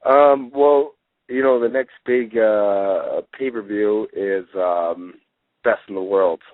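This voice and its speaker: Heard over a tinny phone line, this young man with a lowish voice speaks slowly in a casual interview on a wrestling talk show. He rambles with plenty of fillers and gets worked up while retelling stories, and there's no room sound.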